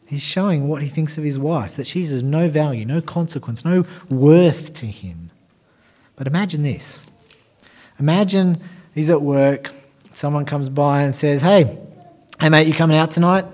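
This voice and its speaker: A male preacher delivering a sermon, building his points through short, emphatic, repeated phrases. His voice sits a touch higher than most men's. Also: unhurried, warm tone.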